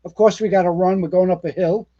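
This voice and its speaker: A man's voice: high voice, fast talker, muffled recording. A man, a retired fire captain telling stories in a casual interview, rambling with lots of fillers and restarts. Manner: animated storyteller, rambling with many fillers and restarts.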